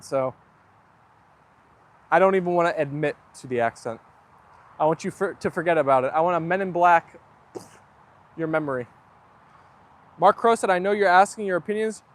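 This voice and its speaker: A young man hosting a casual livestream, chatting and reading viewer comments aloud. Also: sits high. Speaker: livestream host. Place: outdoors near a garden.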